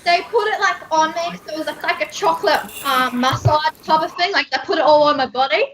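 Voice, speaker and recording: A woman's voice: high voice, fast, noisy background. A woman on a chat panel, rambling casually with lots of fillers.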